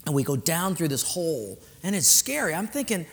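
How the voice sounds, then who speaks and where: A man's voice: on the high side, big pitch swings, a little fast, a bit bright. A man preaching a sermon as a pastor, telling a story animatedly and acting out the dialogue. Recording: reverberant hall, faint ambience.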